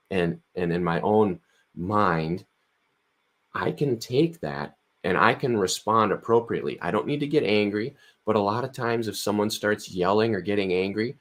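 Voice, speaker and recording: A man in a casual podcast conversation, explaining things calmly and repeating words as he restarts. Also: on the low side.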